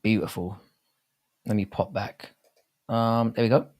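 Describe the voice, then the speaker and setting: A man's voice: on the low side, steady tone, unhurried, a little mellow. A young man hosting a casual live chat, reading viewer comments aloud, over-enunciating his words and swearing freely in crude banter. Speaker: livestream host.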